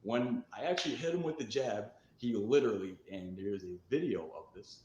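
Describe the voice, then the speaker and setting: A man's voice: on the low side, lively intonation, moderate pace, dark tone, muffled recording. A man telling a personal story in a candid, rambling, self-mocking way. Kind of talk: recorded storytelling video. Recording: echoey room with faint noise.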